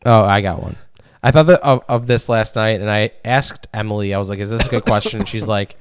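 A man from the Chicago area co-hosting a podcast, teasing and profane, with quick interjections in casual banter. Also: fairly low pitch, noisy background. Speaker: podcast co-host.

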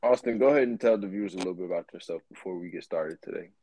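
A man's voice: low-pitched, rapid-fire, dark tone, dry recording, rough recording. A young man co-hosting a casual podcast, playfully telling tall tales and repeating himself for emphasis. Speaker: podcast co-host.

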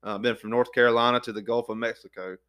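A man's voice: medium pitch, fairly even intonation, quick pace, fairly bright tone, clean tone. A man hosting a podcast, folksy and eager in a casual chat. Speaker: podcast host.

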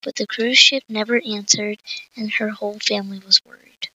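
Woman, halting story reading, monotone, dull lo-fi, dry. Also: medium pitch, over loud music. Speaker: story reader. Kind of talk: reading her own story aloud.

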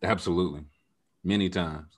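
A man, chatting casually as a podcast guest, animated, saying "like" a lot and acting out voices in his stories. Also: low-pitched, brisk. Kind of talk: casual chat.

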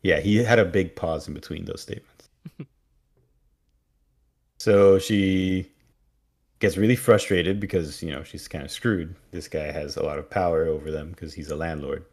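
A man with a very deep voice co-hosts a casual podcast recap. He tells the story in a joking, animated way and drops into quoted lines from the characters. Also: normal speed, long pauses. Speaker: podcast co-host.

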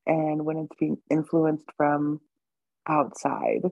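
Brief: woman co-host, low mellow voice, affirming chatty delivery, dry dull recording. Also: monotone, slow pace, creaky, no room sound. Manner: warm, affirming, filler "like". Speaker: podcast co-host. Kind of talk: casual chat.

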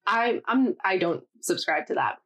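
A woman in her thirties co-hosting a podcast in casual chat, chatty and quick to laugh, often quoting herself. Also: medium pitch, lively intonation, a bit bright. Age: 30s. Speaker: podcast co-host.

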